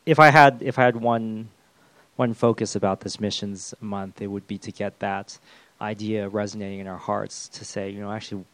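A man preaching a sermon, talking in a halting way with lots of fillers and restarts. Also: on the low side, steady tone, a bit bright, dry recording. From the West. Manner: hesitant, with many fillers and restarts.

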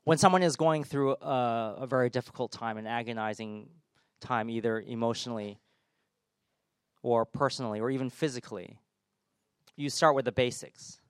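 A man's voice: mid-range voice, normal speed, smooth, dry recording, studio quality. Man preaching a casual, joking sermon. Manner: informal, self-deprecating humor, many fillers. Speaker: pastor. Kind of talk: conversational sermon.

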